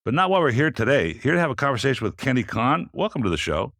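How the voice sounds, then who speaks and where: A wine podcast host with a mid-range voice talks fast in a studio, chatting casually and joking with his guest. His intonation is lively and the recording dry.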